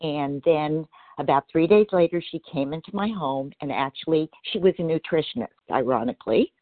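A woman's voice: low-pitched, animated, fairly quick. A woman speaks with earnest, plain-spoken sincerity as she shares on a recovery meeting call. Her voice comes through a narrow telephone line. The sound is close and dry, with no room echo. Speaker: meeting member sharing. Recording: dry phone-line audio.

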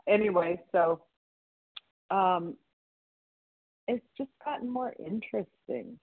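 A woman sharing her story at a support meeting over the phone, in a halting way with many restarts and pauses. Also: on the low side, dry recording. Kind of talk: personal share at a support meeting. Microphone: phone call. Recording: tinny dry phone line.

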